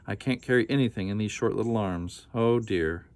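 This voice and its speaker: A man's voice: fairly low pitch, normal speed, a little mellow, close to an everyday voice. A man voicing a tearful, pleading mother kangaroo in a picture-book reading. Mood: weepy. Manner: weepy, pleading.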